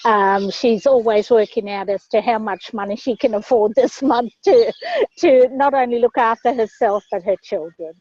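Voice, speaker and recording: A woman on an online call, talking about a young boy's progress with enthusiasm and many halting fillers. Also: a little high, a little mellow, lo-fi sound. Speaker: guest sharing a story. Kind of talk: online group call testimonial.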